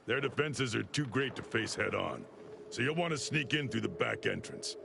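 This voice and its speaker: A man's voice: mid-range voice, lively intonation, normal speed, creaky, noisy background. An actor playing a curt male military commander who gives orders in a video game.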